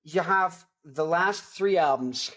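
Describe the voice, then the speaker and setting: A man's voice: on the high side, slow, fairly bright tone. A young man hosting a rock show, reviewing an album in a rambling, jokey, digressive way. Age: young adult. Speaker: host. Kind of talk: casual album review chat.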